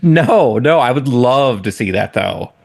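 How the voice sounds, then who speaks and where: A man's voice: mid-range voice, expressive, measured pace, gravelly, darkish tone. A man co-hosting a comedy podcast, playing the bemused straight man who feeds his partner questions. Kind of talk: improvised comedic bit.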